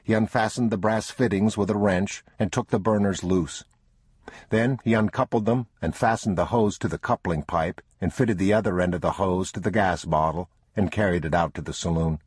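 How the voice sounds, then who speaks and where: A man narrating an audiobook in a measured, unhurried way. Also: sits low, darkish tone, slightly rough, dry recording, clean studio sound. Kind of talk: scripted narration.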